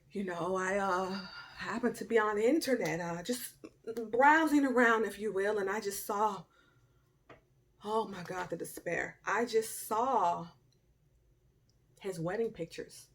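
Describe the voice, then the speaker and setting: A young woman telling a personal story to camera in a casual, animated way, with loud outbursts, quiet murmurs and slangy asides. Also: a little high. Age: young adult. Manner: informal Southern-style slang and asides. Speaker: storytime vlogger.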